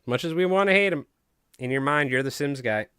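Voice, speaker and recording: A man's voice: on the high side, expressive, brisk, sharp tone, smooth, no room sound. A young man with a Long Island accent chatting casually and jokingly on a live stream while tying flies, rambling with many fillers.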